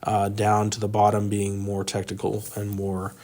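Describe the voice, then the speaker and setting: A man with a fairly low voice leads a men's Bible study, walking through grammar points in an informal, explanatory way. He pauses often with ums and uhs as he works through a worksheet in a meeting room. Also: monotone, darkish tone.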